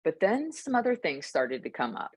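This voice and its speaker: Low-voiced woman telling a story. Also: sing-song, normal speed, breathy edge, no echo. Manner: thoughtful storytelling, many fillers. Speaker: podcast co-host. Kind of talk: casual reflective chat.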